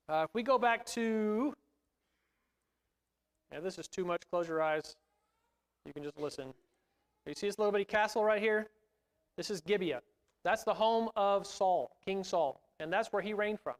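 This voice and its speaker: A man's voice: high-pitched, big-room sound, low-quality recording. A man teaching a church Bible class, conversational with self-deprecating asides.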